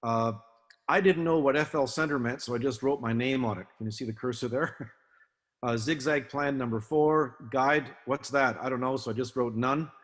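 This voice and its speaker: An older man giving an illustrated talk to an audience, relaxed and anecdotal, with many fillers and restarts. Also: mid-range voice, moderate pace. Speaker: guest speaker, film naval advisor. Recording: long hall reverb.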